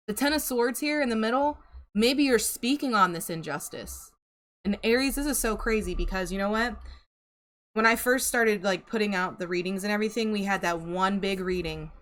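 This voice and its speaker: A woman's voice: mid-range voice, moderate pace, a bit bright. A young woman giving a casual tarot reading to camera, chatty and sympathetic, laughing and sighing often. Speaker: tarot reader.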